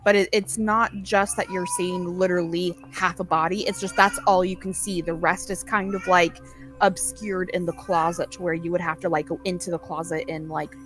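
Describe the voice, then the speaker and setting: Low-voiced woman running a tabletop game. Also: level tone, normal speed, fairly bright tone, faint music behind. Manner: loose, hesitant with fillers. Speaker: game master.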